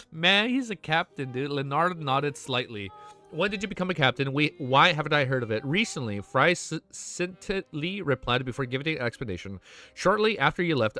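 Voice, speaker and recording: A man streaming, reading a web novel aloud and breaking off to react with excited, emotional swearing. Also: mid-range voice. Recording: faint music behind.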